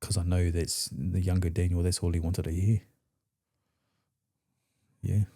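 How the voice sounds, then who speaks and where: A New Zealand man speaks as a podcast guest in a low, very dark and mellow voice. He tells his life story candidly and emotionally, swearing freely. Now and then he acts out old conversations as he goes. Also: little pitch movement, a little slow.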